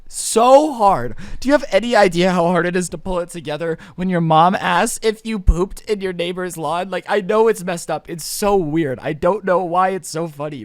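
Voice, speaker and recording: Brief: young man, higher voice, slangy and animated storytime teller, dry close sound. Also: no echo. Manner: animated, laughing often, slangy asides. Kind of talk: casual storytime monologue.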